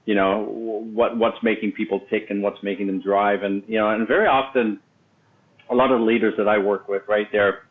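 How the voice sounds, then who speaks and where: Low-voiced man on a thin phone-like line. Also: steady tone. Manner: halting, many restarts and "you know"s. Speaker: podcast host and leadership coach. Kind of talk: casual interview talk. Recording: thin phone-like remote audio.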